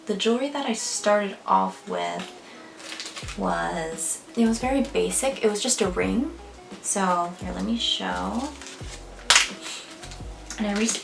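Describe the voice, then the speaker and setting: A woman's voice: mid-range voice, creaky. A young woman in casual vlog talk to camera, chatty and filling her speech with "like" and "um". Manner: chatty, many fillers like "like" and "um". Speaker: vlogger. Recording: echoey room, a bit far from the mic, faint music.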